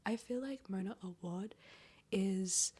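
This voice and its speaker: A woman speaks in a breathy near-whisper with a husky, hoarse edge that keeps cracking. She chats and rambles through a casual book-review vlog and swears now and then. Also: mid-range voice, slow pace, warm tone. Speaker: book vlogger.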